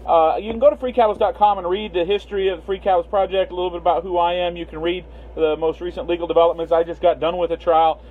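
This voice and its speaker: A man hosting a casual livestream, rambling with many fillers and greeting viewers by name. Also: a little high. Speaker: livestream host. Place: Las Vegas. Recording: tinny phone-line sound, faint hiss.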